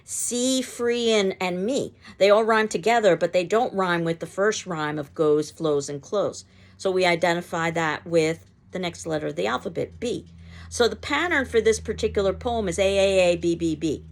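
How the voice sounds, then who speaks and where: A woman with a fairly low voice gives a recorded lecture on poetry. She reads verse aloud in a slow, steady way, then explains it step by step, like a patient literature teacher. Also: gravelly.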